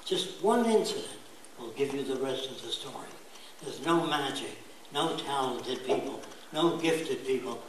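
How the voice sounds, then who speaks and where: A man's voice: medium pitch, expressive. Blunt older man in an echoey room. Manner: blunt, emphatic, mimics accents in quick asides. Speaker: speaker giving a talk. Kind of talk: emphatic lecture. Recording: very echoey room, voice from far off, faint hiss.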